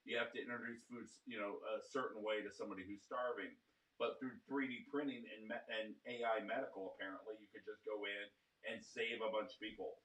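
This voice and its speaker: A man with a fairly low, husky voice chats as co-host on a podcast. He teases and jokes around as he talks. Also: fairly even intonation, brisk, a bit bright, low-quality recording. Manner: teasing, joking interjections. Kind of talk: casual chat.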